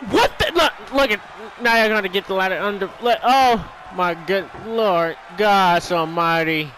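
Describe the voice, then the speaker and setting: A man hosting a gaming channel, giving casual commentary on a wrestling game, exasperated, shouting at the screen and swearing. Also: high voice, a little slow. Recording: game audio with loud crowd noise. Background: video game crowd noise.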